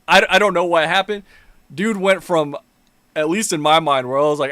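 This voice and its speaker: Angry, high-voiced man ranting with profanity. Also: fairly quick, bright, forceful tone, dry recording. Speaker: commentary channel host. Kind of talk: ranting political commentary.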